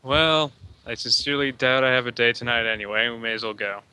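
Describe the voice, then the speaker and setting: A man's voice: medium pitch, quick pace, sharp tone, clean tone, no echo. A man playing his character in a tabletop game, blunt and grumbling, swearing freely. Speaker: player. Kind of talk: in-character tabletop role-play over voice chat. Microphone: computer mic on a voice call.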